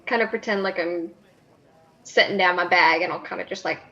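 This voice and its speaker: A woman playing a tabletop game, excitable and quick to laugh. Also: lowish voice, highs cut off. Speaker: player. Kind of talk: casual tabletop play.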